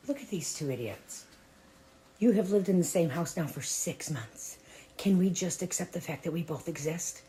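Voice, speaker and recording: Low-voiced woman chatting in a home vlog. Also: expressive, moderate pace, dark tone, slight background noise. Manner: rambling, self-interrupting, chatty. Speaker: vlog host. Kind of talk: casual chat.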